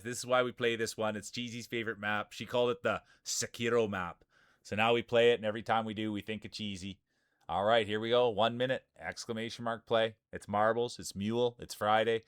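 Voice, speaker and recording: A man's voice: on the low side, a bit bright, clear, resonant tone, dry recording, clean studio sound. A man hosting a live stream, calling marble races with playful jokes and hype. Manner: playful, joking, hype-building. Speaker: streamer and race commentator.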